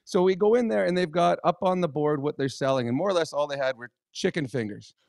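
A middle-aged man co-hosting a podcast, telling a story in a lively, animated way and loudly acting out the people he quotes. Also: on the high side, quick pace, vocal fry, dry recording, studio quality. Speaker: podcast co-host, former hockey player. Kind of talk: casual storytelling chat.

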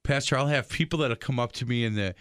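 A man's voice: mid-range voice, fast talker, fairly bright tone, smooth, dry recording, studio quality. An older man hosting a faith talk show, chatting casually with a guest, restarting his words often and telling stories. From Southeast Wisconsin. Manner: stammering restarts, storytelling. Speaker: radio show host. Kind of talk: casual interview chat.

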